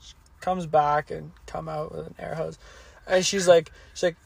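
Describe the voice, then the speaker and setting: A man's voice: on the high side, little pitch movement, moderate pace, gravelly, a little mellow, husky, dry recording. A man co-hosting a podcast, telling a long work story in casual, profane, rambling chat. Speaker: podcast co-host.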